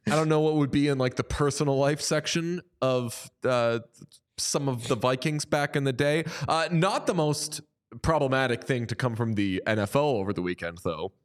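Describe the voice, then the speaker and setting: A man co-hosts a sports talk show in loose, casual chat. He rambles and jokes with a wry edge. His voice sits at an everyday middle pitch. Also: smooth. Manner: wry, rambling, quick to joke. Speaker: podcast co-host.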